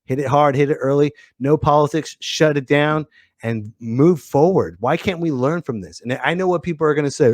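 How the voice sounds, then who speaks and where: A man's voice: on the high side, lively intonation, a little fast, dry recording. Goofy rambling podcast host man. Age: 30s. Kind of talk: casual comedic monologue.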